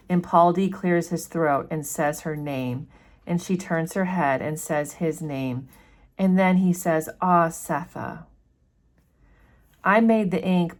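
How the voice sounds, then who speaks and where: A woman's voice: low-pitched, darkish tone. A woman talking casually through a novel chapter as a teacher, reading passages aloud between chatty remarks full of "like" and "you know". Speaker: literature teacher discussing a novel. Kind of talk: casual book discussion with read-aloud passages.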